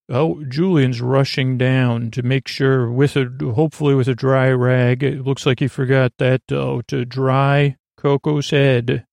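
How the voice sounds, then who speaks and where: A man telling a slow, meandering bedtime story as a podcast host, with many fillers. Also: mid-range voice, little pitch movement, creaky, a little mellow, no echo. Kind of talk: improvised bedtime story narration.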